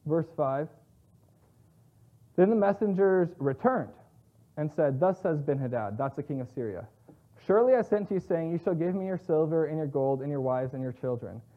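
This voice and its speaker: A man with a somewhat high voice teaches from scripture in a relaxed, chatty way, reading verses and then retelling them in plain slang. The sound is thin and narrow, as if heard over a phone line. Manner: conversational, paraphrases scripture in everyday slang. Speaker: Bible teacher. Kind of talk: casual Bible teaching.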